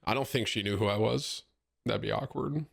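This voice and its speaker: A man's voice: on the low side, normal speed, gravelly. A man in his thirties, a streamer chatting casually with his viewers and telling a rambling, joking story full of slang. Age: 30s.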